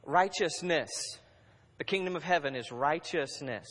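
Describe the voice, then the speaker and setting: Animated preacher man in a reverberant hall. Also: a little high, a little slow. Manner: animated, exhorting, swings between loud and hushed. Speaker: pastor. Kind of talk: sermon.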